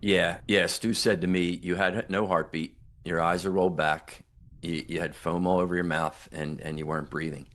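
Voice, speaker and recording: An older man, a guest on an interview podcast, earnestly and reflectively retells a near-death story, voicing the people in it and giving their quoted words emphasis. His voice is deep and fairly bright, with a level tone and normal speed.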